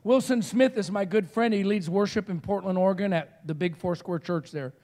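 A middle-aged man preaching as a guest speaker, telling stories with animated energy and shouted outbursts. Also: high voice, a little fast, long reverb tail. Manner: animated storytelling, shouting quoted screams. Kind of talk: sermon.

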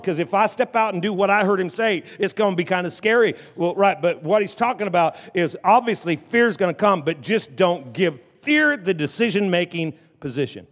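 A man preaching a lively sermon as pastor, drawing the congregation into call-and-response. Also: high-pitched, normal speed, hardly any pauses. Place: church sanctuary. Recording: long church hall reverb.

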